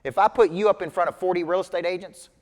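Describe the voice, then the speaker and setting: A business coach delivers a motivational sales training talk to a group seated at tables, hammering points home with emphatic, punchy repetition. He speaks fast in a high voice with fairly even intonation, and the hall sounds reverberant.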